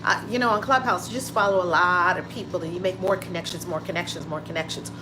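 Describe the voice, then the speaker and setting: A woman's voice: on the low side, fast. Effusive woman hosting a livestream. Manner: effusive, greets viewers by name, exclaims. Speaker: livestream host. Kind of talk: casual livestream chat with viewers. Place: home room with window open. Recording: noisy home livestream audio.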